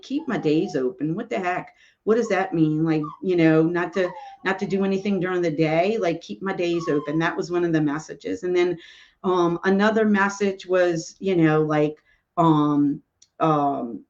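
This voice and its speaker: A woman's voice: fairly low pitch, dull audio. A woman, a spiritual medium, telling a personal story in a casual, rambling way, full of "you know" and "like".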